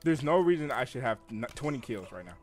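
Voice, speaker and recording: A man's voice: mid-range voice, big pitch swings, fast, faint music behind. A man streaming a shooter game, ranting with frustration and a lot of swearing. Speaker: gaming streamer. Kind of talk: raging gameplay commentary.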